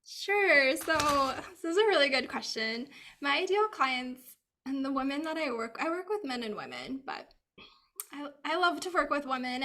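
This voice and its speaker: A woman's voice: on the high side, pushed and bright. A woman who works as a wardrobe stylist, answering interview questions in a chatty, upbeat way with lots of filler words. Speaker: capsule wardrobe stylist, guest. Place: Bay Area, US.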